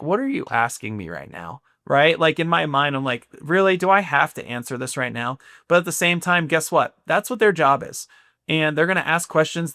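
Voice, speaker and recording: A man in his thirties co-hosting a podcast, talking in an easygoing, agreeable, measured way as a former player. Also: mid-range voice, pushed and bright, no room sound, clean studio sound. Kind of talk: casual chat.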